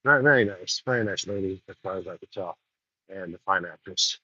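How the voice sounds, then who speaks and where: A man's voice: deep voice, a little fast, bright, forceful tone, husky. A man hosting a rambling walk-and-talk livestream outdoors by rice fields, chatty and digressive, on a dull lo-fi recording. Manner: digressive, chatty, folksy asides. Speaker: host.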